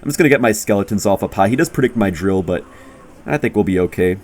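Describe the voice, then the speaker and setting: A young man giving excitable, jokey live commentary on his own gameplay, talking straight to viewers and yelping when surprised. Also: quick pace. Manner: bursts into loud high-pitched exclamations when surprised. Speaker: gaming YouTuber.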